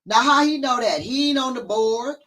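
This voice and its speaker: A woman co-hosting a casual community podcast, talking in an animated, mocking way. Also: a little high, normal speed. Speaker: podcast co-host.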